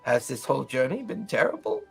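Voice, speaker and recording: A man voicing a gentle elderly male mystic who speaks courteously and unhurriedly, with a faint teasing edge. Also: medium pitch, huge pitch swings, brisk, creaky, husky, faint music behind, heavily acted. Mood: probing.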